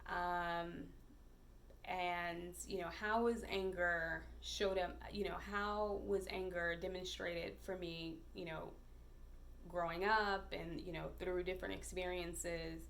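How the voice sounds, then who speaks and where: A woman podcast host telling a personal story in a reflective, hesitant way, with many pauses and fillers. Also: on the low side, steady tone, vocal fry, a bit bright, slight background noise.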